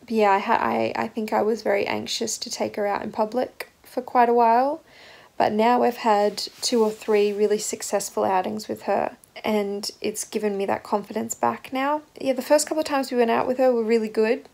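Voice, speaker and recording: A woman's voice: on the high side, steady tone, normal speed, gravelly, darkish tone, poor audio. A young woman vlogging candidly about life as a new mother, reflective and open, with ums and restarts. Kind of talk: casual personal vlog.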